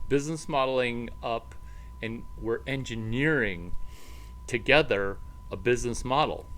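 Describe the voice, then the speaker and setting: A man's voice: medium pitch, fairly bright tone, a little hiss or hum, rough recording. A man rambling playfully in a casual monologue as an entrepreneur vlogger, jumping between topics and cooing at his dog.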